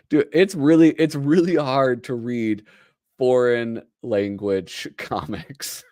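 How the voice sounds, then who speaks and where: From a home streaming setup, a man hosts a casual livestream where he reads through comics, rambling and self-deprecating with lots of fillers and laughs. His voice is medium-pitched and darkish, and he takes it slowly. The sound is clean studio quality with no room sound.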